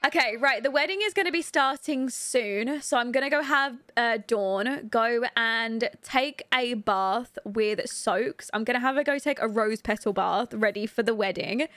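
A young British woman streams a life-simulation game, chatting casually, reading and replying to chat, and giggling often. Her voice is fairly high and fairly bright, a little slow, with hardly any pauses. There is no room sound.

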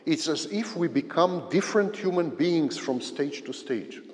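Male psychology lecturer, animated delivery, repeats points, reverberant lecture hall. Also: a little high. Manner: explains slowly, repeats key phrases, gives everyday examples. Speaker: visiting psychology professor. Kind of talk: university lecture.

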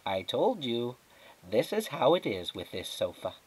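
A man's voice: medium pitch, sing-song, measured pace, husky, low-quality recording. A male teacher voicing a kind, reassuring woman doctor in a storybook read-aloud, soothing in manner. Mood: knowing.

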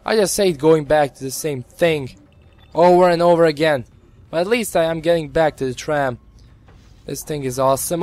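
A man hosting a gameplay video with a strained voice, giving excitable, casual commentary and swearing freely. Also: fairly high pitch, moderate pace, no echo. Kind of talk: casual let's-play commentary.

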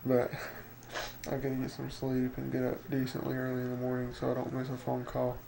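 A young man in his twenties with a slight lisp from a retainer, quietly telling his vlog viewers about his day at home in a tired, unenthusiastic way. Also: medium pitch, monotone, brisk, vocal fry, noisy background. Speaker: daily vlogger. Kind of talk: casual vlog talk to camera.

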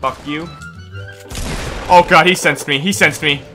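A young man streaming a video game with friends, loud, jokey and excitable, shouting at big moments. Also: on the high side, measured pace. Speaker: gaming streamer. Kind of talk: casual gaming chat with friends. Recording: game audio and music behind.

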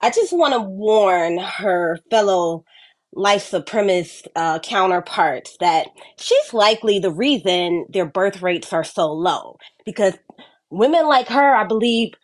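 A woman's voice: medium pitch, expressive, unhurried. A woman calling in to a talk show, speaking mockingly and laughing at her own remarks. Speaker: caller. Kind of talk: call-in commentary.

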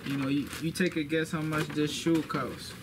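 A young vlogger hosts a casual video indoors at home, speaking to a camera mic, boasting and repeating phrases to build hype. His voice is on the high side, flat and at normal speed, over a noisy background.

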